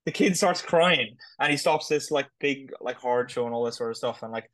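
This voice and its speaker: Fast-talking man chatting on a podcast. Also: medium pitch, fairly even intonation, a bit bright, rough recording. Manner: rambling, fillers like "like" and "sort of stuff". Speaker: podcast co-host. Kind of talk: casual chat.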